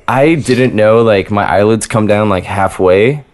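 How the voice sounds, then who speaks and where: A man's voice: on the low side, unhurried, darkish tone. A man co-hosting a casual podcast chat, telling stories with frequent laughter and acted-out quotes. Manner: laughing storyteller, acts out quotes. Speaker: podcast co-host.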